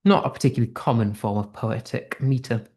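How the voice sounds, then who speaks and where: A man's voice: medium pitch, a little fast, darkish tone. A man with a British accent teaching an online English class, upbeat and thinking aloud as he reads out quiz answers. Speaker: English tutor.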